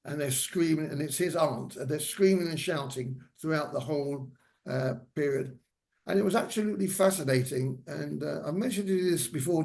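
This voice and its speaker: Older male guest speaker with a slightly high voice, rambling through anecdotes at a lecture. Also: vocal fry, darkish tone. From England. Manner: rambling anecdotal delivery with fillers. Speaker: guest speaker, former hairdresser. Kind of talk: lecture storytelling. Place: senior center lecture hall.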